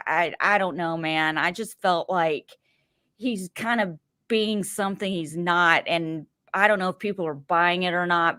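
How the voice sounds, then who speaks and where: A woman with a Southern American accent, co-hosting a casual reality-TV recap podcast and acting out quotes playfully. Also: fairly low pitch. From Southern United States. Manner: animated, playful, acts out quotes. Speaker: podcast co-host.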